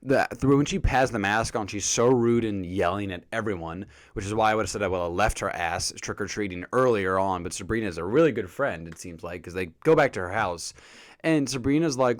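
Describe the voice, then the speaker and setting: A man casually reviewing a TV episode for his vlog, jokey and animated, often acting out the characters' lines. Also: lowish voice, fairly quick, dry recording.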